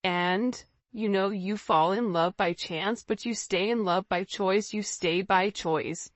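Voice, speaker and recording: Speaking slowly at a medium pitch, a woman gives a casual tarot reading directly to the viewer, earnest and repetitive. There's no echo, though the lo-fi sound comes across slightly dull.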